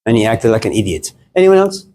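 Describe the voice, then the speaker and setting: A man's voice: fairly low pitch, sing-song, fast, mellow, slight background noise. A man giving a casual classroom lecture in a conversational, joking way, often speaking directly to his students.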